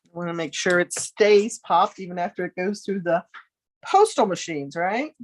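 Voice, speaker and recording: Speaking at a normal speed in a lowish voice, a middle-aged crafter leads a casual tutorial from her home studio. She chats, makes friendly asides, and works things out aloud.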